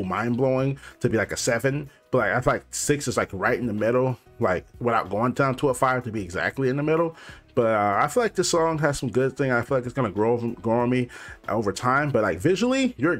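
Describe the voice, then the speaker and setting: Young male reaction host, casual and rambly, average pitch, light music underneath. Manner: loose, rambling, full of "like" fillers.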